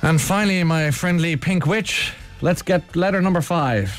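A man's voice: a little high, normal speed, over music. A man hosting a radio phone-in, joking with a young caller and tripping over his words. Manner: teasing, jokey, stumbles over words. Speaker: radio host. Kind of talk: playful radio phone-in chat.

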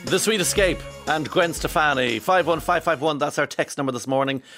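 A man's voice: a little high, a little fast, fairly bright tone, soft background music. A man from County Monaghan with an Irish accent, hosting a morning radio show in a rambling, chatty way from a studio microphone. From Ireland, County Monaghan. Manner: chatty, rambling, reads out listener texts. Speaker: radio host. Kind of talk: casual morning radio chat.

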